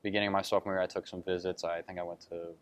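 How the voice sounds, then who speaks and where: A man's voice: sits low, level tone, very fast, a little hiss or hum. A young man answering interview questions about being recruited, telling his story earnestly with lots of fillers and retold quotes. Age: young adult. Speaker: college basketball recruit.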